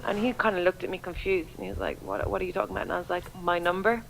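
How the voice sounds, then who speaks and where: Animated Irish woman telling funny stories. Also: on the low side, rapid-fire, gravelly, slight background noise, rough recording. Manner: animated storyteller, acts out her own quotes. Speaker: guest radio DJ.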